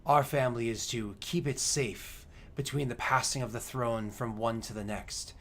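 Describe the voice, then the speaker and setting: A righteous hobgoblin warrior, played by a man narrating a tabletop game, confronts a ruler with stern accusations. The voice is bright and forceful, and the delivery is grave and unyielding. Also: medium pitch, fairly even intonation, normal speed.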